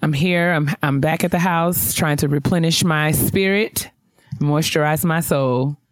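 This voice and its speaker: A woman's voice: sits low, unhurried, dry recording. A young adult woman co-hosting a casual podcast, bantering and teasing playfully. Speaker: podcast co-host. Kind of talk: casual chat.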